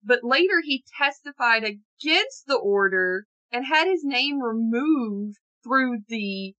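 A woman co-hosts a casual true-crime podcast, recounting the tale with sarcasm, asides and the odd swear word. Her voice is bright and sits a little high. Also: animated, slow, rough recording. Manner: sarcastic, jokey storytelling with swearing. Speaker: podcast co-host.

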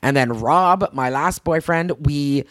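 A woman co-hosting a podcast, chatting casually and telling rambling stories full of "like", with bursts of excited shouting. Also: low voice, slow pace, no room sound, clean studio sound. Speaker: podcast co-host. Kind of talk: casual chat.

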